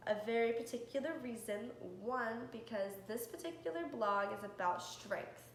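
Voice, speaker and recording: Earnest young woman vlogging in an echoey room. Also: fairly high pitch. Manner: candid and earnest, with soft laughs and ums. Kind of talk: personal vlog, answering questions to camera. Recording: echoey room with faint background hiss.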